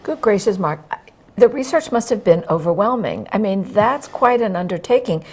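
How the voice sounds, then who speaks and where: A woman's voice: mid-range voice, animated, normal speed, darkish tone, breathy edge. A woman hosting an interview, asking curious, stacked questions and rephrasing as she goes. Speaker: host. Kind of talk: interview conversation.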